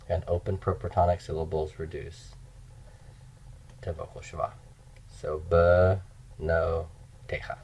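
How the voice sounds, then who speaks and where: A man teaching grammar in a slow, explanatory lecture, repeating key forms as he goes. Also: sits low, gravelly, fairly bright tone, slightly rough. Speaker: Hebrew teacher. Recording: dull lo-fi lecture recording.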